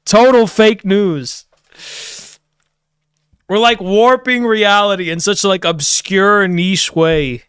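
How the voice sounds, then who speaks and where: Male streamer, rambling sarcastic rant with frequent laughs; bright, crisp, dry. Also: sits high, takes it slowly, pauses often, no room sound. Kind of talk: casual political rant.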